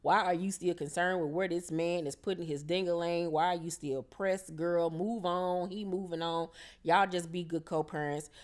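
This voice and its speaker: Lower-voiced woman recapping reality TV. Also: moderate pace. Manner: chatty, slangy, quotes the cast in lively voices. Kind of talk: casual reality show recap.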